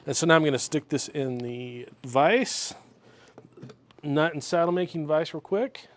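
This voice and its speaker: A man talking through a guitar repair step by step in his workshop, relaxed and methodical as he works with his hands. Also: medium pitch. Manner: relaxed, methodical, talks while working with hands. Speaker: luthier demonstrating a repair.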